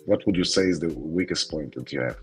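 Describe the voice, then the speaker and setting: A man, a moderator chatting in a friendly way, asking halting questions. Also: extremely low pitch, loud music behind the voice. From Israel. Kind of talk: casual chat.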